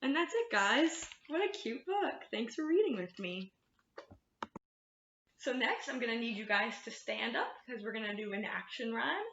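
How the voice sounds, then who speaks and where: A woman's voice: a little high, lively intonation, moderate pace, a bit bright, slight background noise. Sing-song woman reading to kids. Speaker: children's librarian. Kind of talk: reading picture books aloud to kids. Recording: roomy, slightly dull sound.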